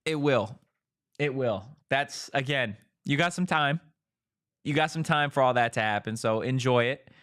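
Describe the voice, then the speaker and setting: A man hosting a casual sports talk show, firing off rhetorical questions in an animated way. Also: medium pitch, measured pace, clean tone.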